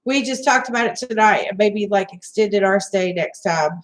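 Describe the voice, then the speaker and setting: A woman's voice: medium pitch, normal speed, rough recording. A woman co-hosting a casual live stream, teasing her partner and reading out viewers' comments. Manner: teasing, reads out chat.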